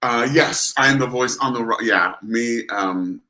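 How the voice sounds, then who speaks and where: A man's voice: mid-range voice, unhurried, bright, forceful tone. A man being interviewed as a guest actor, answering in an easygoing way. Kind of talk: casual interview chat.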